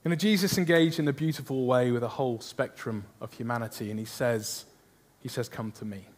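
A man's voice: mid-range voice, a little fast. A man preaching a sermon, earnest, often asking his listeners questions. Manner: earnest, asks the congregation rhetorical questions.

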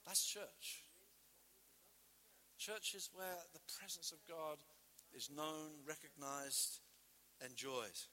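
High, bright-voiced impassioned male preacher. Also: long reverb tail, slight background noise. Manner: passionate, acts out quotes, swings between loud and hushed. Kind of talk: sermon.

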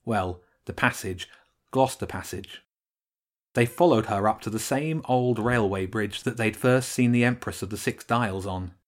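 A man narrating a children's storybook with expressive storytelling. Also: on the low side, normal speed. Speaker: audiobook narrator. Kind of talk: scripted narration.

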